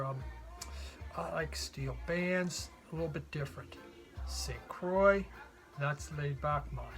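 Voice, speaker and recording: A middle-aged man talks casually about his record collection, drifting easily from one story to the next. His voice sits a little on the higher side for a man. Faint music plays quietly in the background. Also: low-quality recording. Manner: relaxed, rambling storytelling. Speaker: vinyl record collector host. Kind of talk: casual vlog chat.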